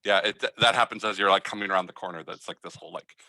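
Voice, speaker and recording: A man narrating a tabletop game as game master, telling the scene in a loose, halting way with many fillers. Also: low-pitched, pushed and bright, dry recording. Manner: hesitant, filler-heavy storytelling.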